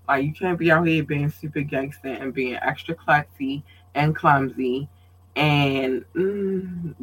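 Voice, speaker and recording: A man from Baltimore hosts his own podcast, talking loosely and casually. His voice sits a little high for a man. His talk is scattered with ums and slang asides. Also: fairly bright tone. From Baltimore, Maryland. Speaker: podcast host. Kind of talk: casual solo podcast chat.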